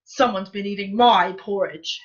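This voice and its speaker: A woman voicing a big, gruff male Papa Bear in a storybook reading, loud and slow. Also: mid-range voice, natural voice. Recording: muffled live-stream audio.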